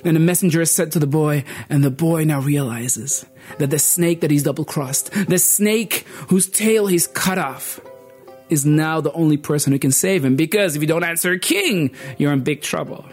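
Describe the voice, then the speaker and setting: A man performing a folk tale as a storyteller, expressive and dramatic, shifting pitch and pace. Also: normal speed, soft background music.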